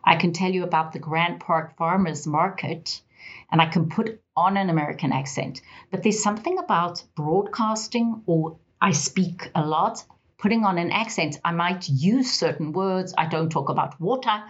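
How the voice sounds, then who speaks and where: A South African woman speaks with a low, husky voice and tells stories with lively emphasis. The audio is a little muffled. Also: normal speed. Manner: expressive, storytelling, emphatic. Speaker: guest. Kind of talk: podcast interview.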